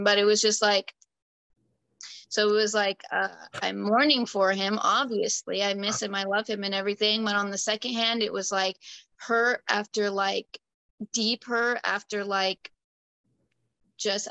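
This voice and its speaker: A woman's voice: medium pitch, little pitch movement, normal speed, sharp tone, dry recording, rough recording. A young woman, a client at a reading, candidly and emotionally telling a personal story and quoting what others said.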